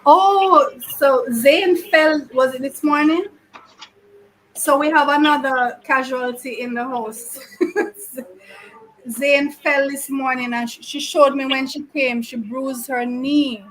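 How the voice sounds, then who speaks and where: A high-voiced woman teacher, speaking at an unhurried pace. She chats casually with her pupils in a classroom, teasing them playfully with question after question. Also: fairly even intonation, fairly bright tone, a little hiss or hum, poor audio.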